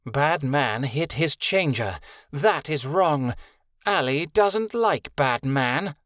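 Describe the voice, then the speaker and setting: A man voicing a young female lynx shifter cub who speaks in slow, broken, childish sentences. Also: fairly high pitch, expressive, fairly bright tone, dry recording, clean studio sound. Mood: defiant.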